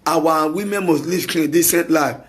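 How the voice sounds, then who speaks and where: Man, Nigerian accent, talk show host, opinionated monologue, high-pitched voice, emphatic, repetitive. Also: moderate pace. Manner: emphatic and repetitive, with bursts of shouting.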